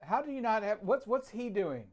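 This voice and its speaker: A man's voice: high-pitched, big pitch swings, normal speed, darkish tone. A middle-aged man hosting a casual talk show, joking and bantering with his co-hosts. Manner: jokey, puts on a mock Australian accent. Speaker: show host. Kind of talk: casual radio-style banter.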